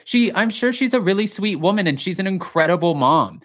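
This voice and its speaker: A man hosting a casual podcast recap, chatting quickly and acting out quotes in short bits of mimicry. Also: sits high, animated, fairly bright tone. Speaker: podcast host.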